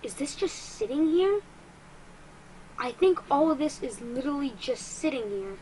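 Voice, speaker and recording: A woman narrates her own gameplay in a high, bright-toned voice. She is excitable and self-mocking, flaring into frustration easily. A faint noise sits under the recording. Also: normal speed, low-quality recording. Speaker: gaming YouTuber. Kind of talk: let's-play commentary.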